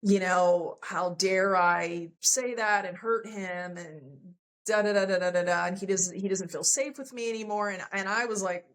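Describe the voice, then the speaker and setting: A woman's voice: mid-range voice, normal speed, rough recording. A woman guest on a podcast, telling a personal story candidly and emotionally, acting out the lines of the people in it. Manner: earnest, emotional, acts out quoted dialogue.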